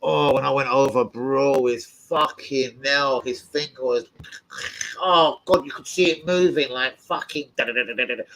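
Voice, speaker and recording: This young host of a football fan channel has a medium-pitched voice and a moderate pace, captured in poor audio. Chatting casually, he swears a lot and tells rowdy stories loudly, breaking into yelps and laughs.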